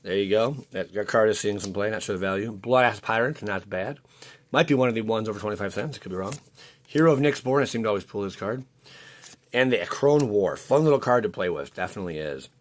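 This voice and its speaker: Low-voiced man rambling through card packs. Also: animated, brisk. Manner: chatty, rambling, frequent restarts and stammers. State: voice cracking. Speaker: card-opening channel host. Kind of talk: casual commentary while opening packs.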